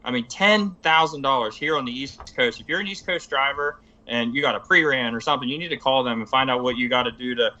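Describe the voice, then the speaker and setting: Rambling eager man, bright tone. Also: mid-range voice, fast talker, few pauses, dull audio. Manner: rambling, eager, heavy on "you know". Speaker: guest. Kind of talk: casual chat.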